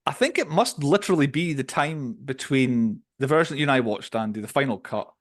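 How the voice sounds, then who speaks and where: A man co-hosting a podcast, casually reviewing a film in an opinionated, animated way. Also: mid-range voice, brisk. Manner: opinionated, animated storytelling with quoted voices. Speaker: podcast co-host.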